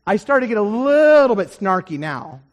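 A man preaching a sermon, telling a story with lively swings between loud emphasis and quiet asides. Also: high-pitched, normal speed, long reverb tail, lo-fi sound.

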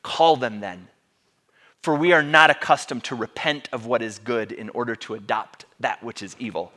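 A man voicing an elderly martyr in his eighties who answers with calm, bold defiance. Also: medium pitch, moderate pace, close to an everyday voice. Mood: defiant. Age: 80s. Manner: steady, defiant.

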